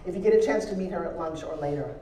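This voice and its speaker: This fast-talking motivational speaker entertains a live audience with jokes and energy while teaching pitching from a stage. The setting is a large event hall, recorded with distant, roomy sound.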